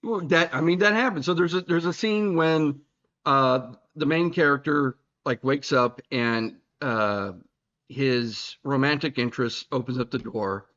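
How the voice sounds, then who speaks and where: A man's voice: medium pitch, a little slow, fairly bright tone. A man co-hosting a podcast in casual chat, rambling and teasing, with lots of restarts, on a slightly dull recording. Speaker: podcast co-host. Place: recording room in Boston.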